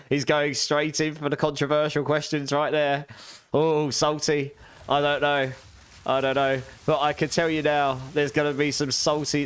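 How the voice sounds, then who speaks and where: A man's voice: fairly high pitch, fairly bright tone, smooth. A man with a British accent, giving chatty, casual gameplay commentary and laughing often while talking to his chat. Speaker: game streamer.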